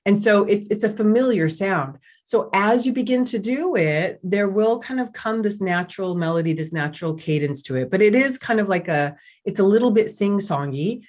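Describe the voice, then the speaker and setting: A woman's voice: mid-range voice, animated, moderate pace, hardly any pauses, darkish tone. A middle-aged woman, a doctor guest in an interview, talking in an enthusiastic, chatty way with many fillers. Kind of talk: casual interview talk.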